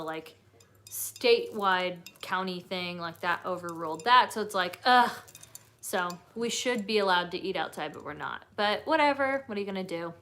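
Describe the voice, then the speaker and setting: A woman's voice: mid-range voice, a bit bright. A young woman, hosting a casual livestream chat and reading viewer comments aloud with plenty of "like" and "um" fillers. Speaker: livestream host.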